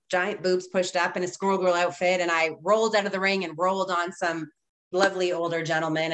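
A woman's voice: lowish voice, fairly bright tone. A woman guest in a casual video-call interview, gushing and laughing through wrestling stories.

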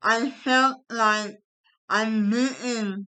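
A middle-aged woman vlogger slowly recounting a personal experience in halting, emotional phrases. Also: fairly high pitch, steady tone, sharp tone, low-quality recording. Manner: slow, halting, emotional retelling. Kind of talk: personal vlog storytelling.

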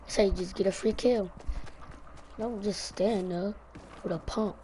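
Woman gamer streaming live on a headset, mid-pitched, teasing and excitable, clear noise underneath. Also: takes it slowly, pauses often. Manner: talks to herself and other players, teasing and excitable. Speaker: game streamer. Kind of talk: live gameplay commentary. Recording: steady noise behind the voice.

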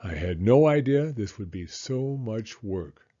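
A man's voice: lowish voice, lively intonation, unhurried, warm tone, dull audio. A man voicing an exasperated mother who talks firmly and scolds. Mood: weary. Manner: firm, scolding.

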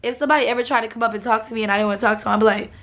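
Young woman vlogger, relaxed and chatty, slightly rough morning voice. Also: fairly high pitch, rapid-fire. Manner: relaxed, chatty, laughs often. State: morning voice with a cough. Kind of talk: casual vlog talk to viewers.

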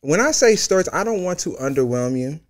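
Loud, profane young man. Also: fairly high pitch, a little fast, no echo, studio quality. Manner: animated and profane, jumping from loud outbursts to hushed asides. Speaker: host. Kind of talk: comedic story time monologue.

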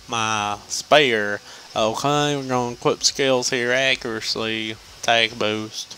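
Slow, rambling male gameplay commentator. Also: medium pitch, sharp tone, slight background noise, poor audio. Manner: rambling, joking asides to himself. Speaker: gameplay guide host.

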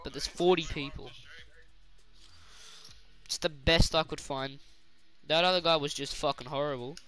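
A young man chats through a game stream, cursing freely and cracking crude jokes. His voice sits a little high and sounds bright and forceful. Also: steady tone, normal speed, faint music behind, low-quality recording. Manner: crude, swearing, laughing banter. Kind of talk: casual gaming stream chat.

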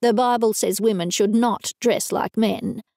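A pushy, self-righteous preacher man in a cozy mystery audiobook, acted by an Australian woman narrator. He speaks firmly and slowly, and the voice sits mellow and gravelly in a dry room. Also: fairly high pitch, fairly even intonation, no room sound. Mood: firm, sullen. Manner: firm, self-righteous and slow. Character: pushy, sullen middle-aged preacher man.

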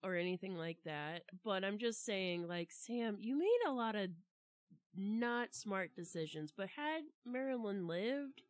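A woman's voice: medium pitch, animated, unhurried, dry recording, studio quality. A woman co-hosting a casual true-crime podcast, giving frank, exasperated commentary. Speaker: podcast co-host.

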